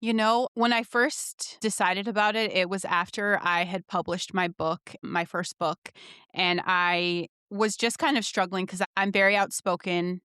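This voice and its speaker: A woman guest on a podcast, talking candidly and swearing freely as she tells animated stories. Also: mid-range voice, a little slow, smooth, no room sound, clean studio sound. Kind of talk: candid conversational interview.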